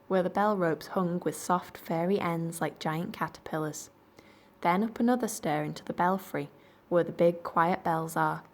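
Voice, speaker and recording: A woman reading a children's storybook aloud in clear, measured narration. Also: lowish voice. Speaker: library storyteller.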